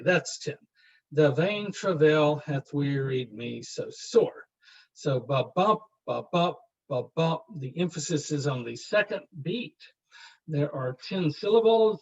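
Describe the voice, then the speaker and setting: Guy teaching a lit class, slow and kinda husky, dull lo-fi recording. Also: on the high side. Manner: rambling and wry, reads verse aloud slowly. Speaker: university literature lecturer. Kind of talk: classroom lecture.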